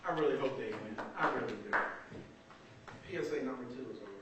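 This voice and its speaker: A young man doing stand-up comedy, telling stories in an animated, conversational way. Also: mid-range voice, fast. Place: small black box theater. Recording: echoey theater from far off, noisy.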